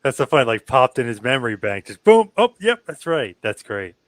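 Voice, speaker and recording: A man in the interviewer's seat, reacting with quick remarks and asking questions. His pitch moves in a lively way. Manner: reacts with laughs and short remarks.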